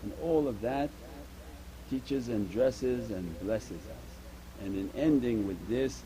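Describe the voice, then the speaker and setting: A man's voice: lowish voice, slow pace, a crowd in the background, rough recording. A man giving an earnest Sufi sermon, repeating his points and mixing Arabic religious terms into English. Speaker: Sufi teacher.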